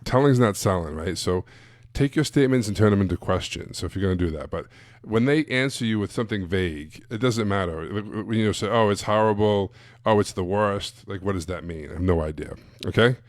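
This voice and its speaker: A man's voice: deep voice, animated, a little fast, few pauses, dry recording, clean studio sound. A man giving a blunt, casual live-streamed coaching talk to sales coaches, full of emphatic asides.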